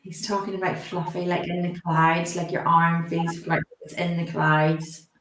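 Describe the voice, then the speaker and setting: A woman's voice: lowish voice, flat delivery. Woman medium, echoey room. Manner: halting, gently reassuring, asks permission often. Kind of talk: live mediumship demonstration. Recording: roomy echo.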